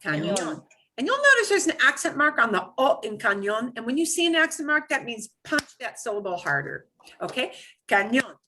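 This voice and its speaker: A woman's voice: high-pitched, big pitch swings, fairly quick, bright, forceful tone, a little hiss or hum. A woman teaching a beginner Spanish class over a video call, patiently modeling words for students to repeat.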